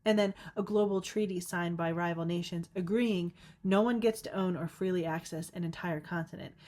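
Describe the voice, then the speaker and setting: A woman's voice: on the low side, fairly even intonation, normal speed, darkish tone. A young woman hosting her own podcast, rambling casually with lots of filler words and frequent giggles. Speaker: podcast host. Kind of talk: casual solo podcast monologue.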